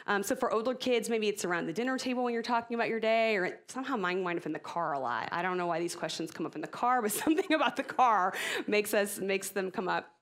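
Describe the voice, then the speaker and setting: A middle-aged woman giving an expressive, casual talk to church parents, chatty and laughing at herself. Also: mid-range voice, fast talker.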